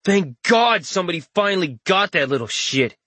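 A man doing a hoarse, smug raid leader. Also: high-pitched, fairly quick, a bit bright, no echo, pitched above the performer's own voice, heavily acted. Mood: smirking. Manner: hoarse stage whisper, smug. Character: brash bossy male raid leader, crude gamer.

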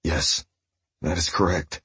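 A man voicing a frightened male prisoner who speaks quietly with a subdued, trembling resolve. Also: low-pitched, level tone, takes it slowly, slightly rough, dry recording, heavily acted. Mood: beaten. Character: broken male prisoner, defiant but frightened.

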